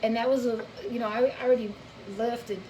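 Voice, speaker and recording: A woman's voice: on the high side, flat delivery, moderate pace, warm tone. Rambling woman chatting in a noisy kitchen. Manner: rambling, storytelling, many fillers and restarts. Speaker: home cooking vlogger. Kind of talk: rambling casual chat while cooking. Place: home kitchen. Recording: kitchen noise with clattering dishes.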